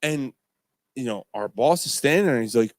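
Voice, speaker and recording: A middle-aged man co-hosting a casual pub sports podcast, telling a work story in an animated way and swearing freely. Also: medium pitch, fairly quick, no echo. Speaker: podcast co-host. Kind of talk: casual chat.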